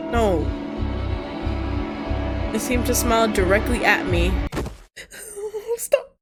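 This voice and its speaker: Slow-reading expressive woman streamer. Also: medium pitch, loud music behind the voice. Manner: expressive, jumps from calm reading to squealing and laughing; casual and cursing in asides. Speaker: streamer playing a visual novel. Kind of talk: reading game text aloud with live reactions.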